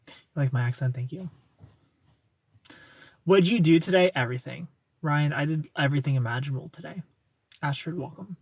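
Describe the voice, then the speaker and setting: A man's voice: on the high side, moderate pace, pauses often, breathy edge, dry recording. A man hosting a casual livestream, greeting viewers and answering their comments in a playful, teasing, flirty way.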